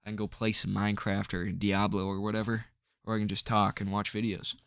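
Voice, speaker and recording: A man's voice: fairly low pitch, flat delivery, a little fast, gravelly, fairly bright tone, clear, resonant tone, no room sound, clean studio sound. A man ranting to camera in a rambling, frustrated way, full of filler words and restarts. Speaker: vlogger.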